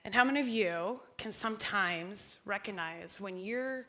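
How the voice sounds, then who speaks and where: A woman's voice: mid-range voice, a little slow, sharp tone. A young woman preaching a sermon in church, chatty and self-deprecating, asking the congregation questions. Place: church sanctuary.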